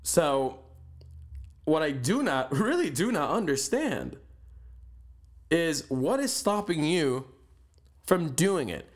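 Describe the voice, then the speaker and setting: A man's voice: on the high side, very animated, slow pace, long pauses. A young man hosting a podcast, ranting bluntly and profanely in a motivational monologue. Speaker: podcast host. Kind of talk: motivational rant.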